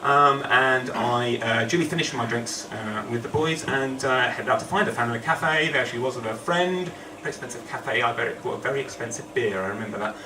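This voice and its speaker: A man's voice: mid-range voice, brisk, hardly any pauses. A man telling a true story on stage at a storytelling night, rambling and self-deprecating with humour. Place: event hall. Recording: echoey hall, distant mic, noisy.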